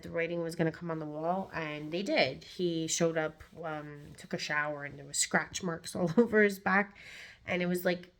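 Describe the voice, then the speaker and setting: Blunt, profane woman telling a story. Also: on the low side. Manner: candid, blunt, profane, many filler "like"s. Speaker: vlogger. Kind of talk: casual personal storytelling.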